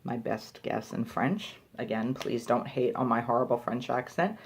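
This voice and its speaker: A woman's voice: extremely low pitch, moderate pace, slightly rough. A woman talking casually in a product review vlog, chatty and full of filler words.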